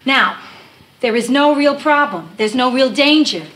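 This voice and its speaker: A woman's voice: high voice, expressive, fairly bright tone. An actress playing a nervous, wisecracking young married woman in a 1970s sitcom, talking herself in and out of worry. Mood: rattled. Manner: nervous, quick-witted, self-mocking. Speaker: title character, wife. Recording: TV studio with audience laughter.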